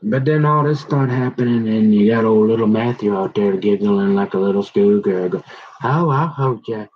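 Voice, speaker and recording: A man's voice: on the low side, fairly even intonation, moderate pace, a little hiss or hum. A middle-aged man rambling in a folksy, confrontational monologue full of slang, recorded on a dull lo-fi mic. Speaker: vlogger.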